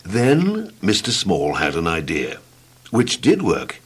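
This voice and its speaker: Husky guy reading a kids story tape, swoops all over the place, playful. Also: low-pitched. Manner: playful, expressive, slowing for effect. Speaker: narrator.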